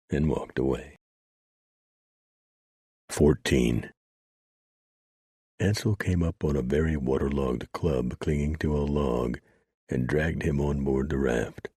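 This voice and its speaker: A man narrating an audiobook in a steady, unhurried storytelling manner. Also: a bass voice, husky, no room sound, clean studio sound.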